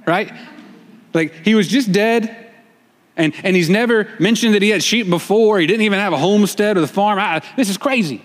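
Pastor guy preaching, highish voice, acts out the lines, big echoey church sound. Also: animated, normal speed. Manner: storytelling, acts out dialogue with shifting pitch. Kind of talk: sermon. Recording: long reverb of a church hall.

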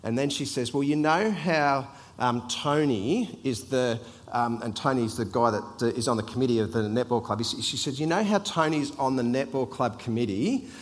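A man's voice: mid-range voice, normal speed, few pauses. A middle-aged man from a church ministry team, telling a chatty, anecdotal story as part of a sermon. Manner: chatty, anecdotal, repeats words. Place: church hall. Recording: long hall reverb.

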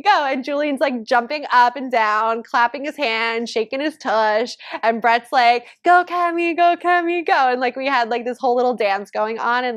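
A woman in her thirties hosting a podcast, chatting casually and saying "like" constantly. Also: on the high side. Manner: chatty, heavy use of "like". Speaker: podcast host. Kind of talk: casual chat.

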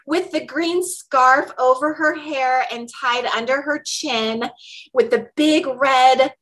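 A woman co-hosting a casual podcast, chatting and telling a story in an animated way. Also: sits high, takes it slowly, rough recording. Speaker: podcast co-host. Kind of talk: casual chat.

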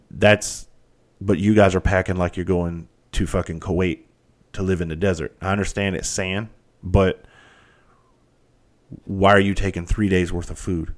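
A man's voice: low-pitched, level tone, normal speed, long pauses. A man hosting a podcast, talking candidly in a rambling, profane monologue. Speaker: podcast host. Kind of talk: casual monologue.

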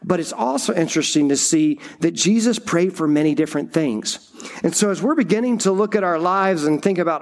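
A man's voice: fairly high pitch, lively intonation, a little fast. A middle-aged man, a campus pastor, giving a conversational sermon full of stories and fillers. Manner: conversational, anecdotal storytelling with frequent fillers.

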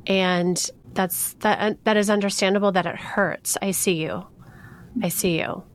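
A woman's voice: medium pitch, steady tone, measured pace. A woman co-hosting a podcast, affirming and encouraging, often repeating key phrases. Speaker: podcast co-host. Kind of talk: casual podcast conversation.

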